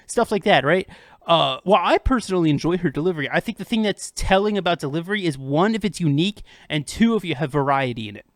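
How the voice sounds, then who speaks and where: A man's voice: fairly high pitch, expressive, quick pace, no echo, clean studio sound. A young man hosting a casual, unedited music breakdown, chatting upbeat about rap flows with plenty of fillers. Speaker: host of a music breakdown channel.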